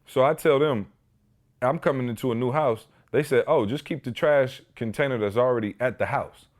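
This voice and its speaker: A man hosting a podcast, telling stories in casual chat with slangy, animated delivery. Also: mid-range voice, moderate pace. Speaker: podcast host.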